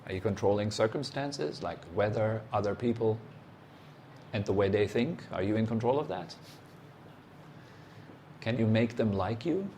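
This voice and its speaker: A man giving a meditation talk as a teacher, speaking in short, unhurried phrases and putting direct, challenging questions to the listener. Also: fairly low pitch, animated, warm tone, slight background noise.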